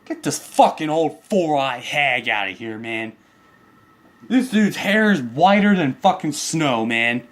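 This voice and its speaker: A man's voice: a little high, expressive, takes it slowly, a bit bright. A man hosting his own video channel, delivering an angry, crude, swear-filled rant about a neighbor. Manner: crude, heated, swearing constantly.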